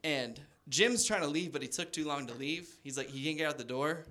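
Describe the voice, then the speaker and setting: Man, thirties, stand-up comedy, rambling storyteller, bright somewhat high voice. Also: brisk. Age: 30s. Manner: rambling storytelling with acted-out quotes. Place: stage before a laughing audience.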